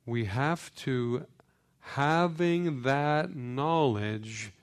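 A man preaching a sermon on a radio program, slow and emphatic with many pauses. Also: mid-range voice.

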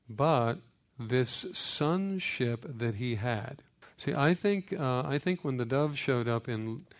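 A man preaching a sermon on a radio program, slow and emphatic with many pauses. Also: medium pitch.

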